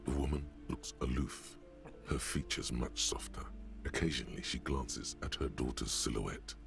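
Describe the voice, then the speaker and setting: Very deep, gravelly game narrator. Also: male voice, moderate pace, over music. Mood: solemn. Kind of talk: scripted narration.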